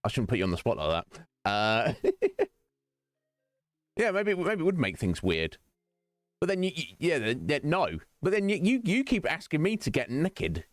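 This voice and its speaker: A man's voice: on the high side, wildly swooping pitch, unhurried, pauses often, no echo, clean studio sound, soft background music. A male streamer chatting casually with viewers during a game stream, rambling and teasing, laughing often.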